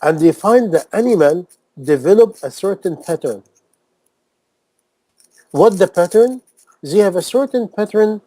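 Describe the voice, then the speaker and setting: A man's voice: high voice, lively intonation, unhurried, pauses often, mellow, no room sound, poor audio. A man preaching a sermon in impassioned, non-native English, repeating phrases and firing off rhetorical questions. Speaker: Islamic preacher.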